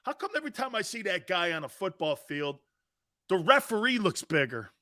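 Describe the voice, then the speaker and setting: A middle-aged man hosting a casual sports talk show, loud and jokey, bursting into shouts. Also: sits high, very animated, fairly quick.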